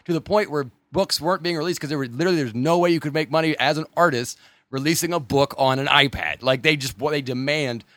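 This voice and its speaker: A man's voice: fairly high pitch, quick pace, fairly bright tone, dry recording. A man, a stand-up comedian, chatting casually on a podcast, rambling and profane.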